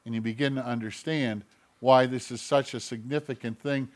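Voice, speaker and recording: A man preaching a sermon as pastor, moving between quiet conversational asides and louder emphatic lines. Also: medium pitch, fairly even intonation, moderate pace.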